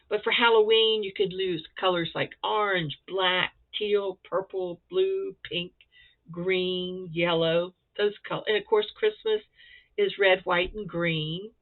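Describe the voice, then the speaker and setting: Gushing woman crochet vlogger, tinny sound. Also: lowish voice. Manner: gushing, excited, chatty. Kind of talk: casual show-and-tell chat.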